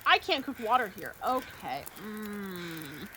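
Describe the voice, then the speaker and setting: A woman's voice: mid-range voice, sing-song, slow pace, heavy background noise. A woman streaming a survival game, talking casually, joking and swearing freely. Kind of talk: casual gameplay commentary.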